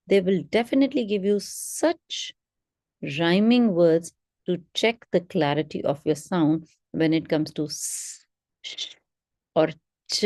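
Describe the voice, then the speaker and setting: A woman leads a test-prep webinar, speaking slowly and deliberately and leaning on important words. Her voice is lowish and mellow. The sound is dry and close. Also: animated, dry recording. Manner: instructive, stresses key words, slow model readings. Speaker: English test prep teacher. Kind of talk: webinar teaching.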